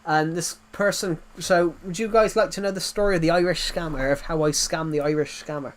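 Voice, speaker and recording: A man's voice: on the high side, fairly even intonation, a little fast, slight background noise. A man chatting casually while streaming a game, telling rambling anecdotes and laughing at his own jokes.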